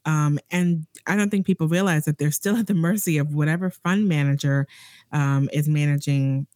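A woman with a notably low voice speaks in a thoughtful, halting way, pausing to find her words. The sound is dry and close. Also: darkish tone, dry recording. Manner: thoughtful, hesitant, many fillers and restarts. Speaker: co-host, employer. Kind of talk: casual chat.

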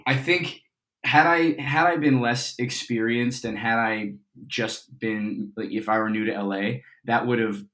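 A man's voice: medium pitch, unhurried. A young man from Colorado, an actor guest, telling a story in a casual interview with lots of fillers. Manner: chatty, animated storyteller with fillers.

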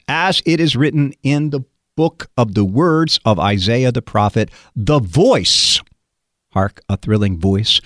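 A man's voice: fairly high pitch, a bit bright, no room sound, studio quality. A man who is a pastor, teaching on a hymn and reading scripture aloud with dramatic emphasis. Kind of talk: radio Bible study on a hymn.

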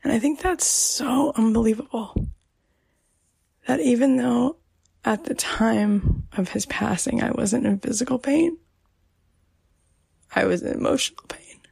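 A woman hosting a podcast, talking softly and emotionally, often dropping almost to a whisper. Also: fairly high pitch, a little slow, vocal fry, long pauses, slightly rough, no room sound. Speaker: podcast host. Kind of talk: personal podcast monologue.

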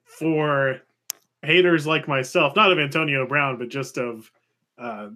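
A man's voice: mid-range voice, unhurried, pushed and bright. A man co-hosting a casual sports podcast, making dry, wry jokes. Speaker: podcast co-host.

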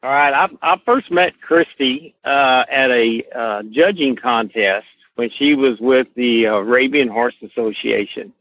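A middle-aged man with a slow Southern Kentucky accent, telling stories as an interview guest, unhurried with many fillers. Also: mid-range voice, dry recording. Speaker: guest, horse association president. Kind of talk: casual podcast interview, storytelling. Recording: tinny phone-line sound.

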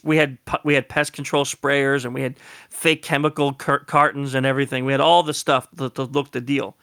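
A man who works as a security consultant tells a lively story in an interview, laughing often and acting out the quotes. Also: medium pitch, a little fast, clean tone, no echo.

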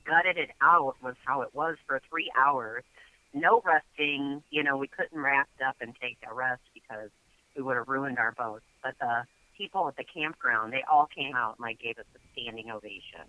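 A man's voice: medium pitch, moderate pace, bright, forceful tone, no echo, poor audio. A man telling a story casually as a guest, chatty and full of fillers.

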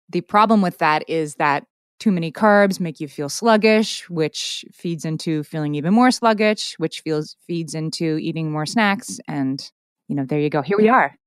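Woman, middle-aged, podcast co-host, brisk, lightly joking, lower voice, dry recording. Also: clean tone, no room sound. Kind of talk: casual chat.

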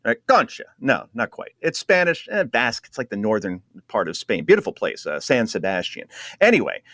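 A man hosting a radio talk show, sarcastic and quick to laugh at his own jokes while he cues up clips. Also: on the low side, very animated, fairly bright tone, dry recording. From New Jersey.

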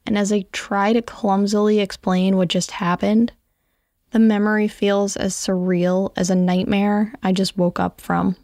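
Woman narrator with a gravelly edge. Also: mid-range voice, little pitch movement, measured pace, dark tone. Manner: reflective, evenly read storytelling. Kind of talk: scripted first-person story narration.

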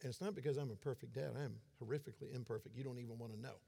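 A man's voice: medium pitch, fairly even intonation, very fast, vocal fry, mellow, breathy edge. A man in his forties giving a sermon as a pastor, conversational and self-deprecating in his humor. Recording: long hall reverb.

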